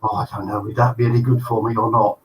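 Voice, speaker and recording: A man's voice: lowish voice, flat delivery, quick pace, lo-fi sound, a little hiss or hum, natural voice. A man voicing a male rabbit ordering at a pub while telling a joke, speaking in his own slightly raised voice, heard from a distant mic. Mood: polite, fretful.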